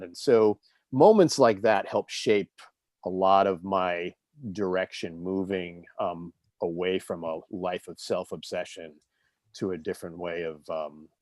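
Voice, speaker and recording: A man in his fifties with a lowish voice tells stories as an interview guest, in an earnest and reflective tone. The sound is dry and close, with no room around it. He talks in a loose, casual way. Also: no echo. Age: 50s. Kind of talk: casual conversational storytelling.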